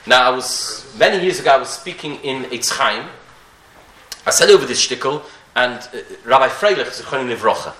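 A man's voice: medium pitch, animated, moderate pace, pushed and bright. A man teaching a Talmudic-style Torah class, posing rhetorical questions and often restarting his sentences, with Hebrew and Yiddish terms woven into his speech. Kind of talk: Talmudic lecture. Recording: echoey room.

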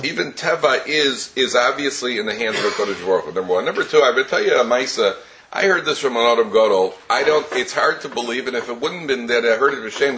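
A man's voice: medium pitch, fairly bright tone, a little hiss or hum. A man teaching a Torah class, telling stories with many restarts and chuckles.

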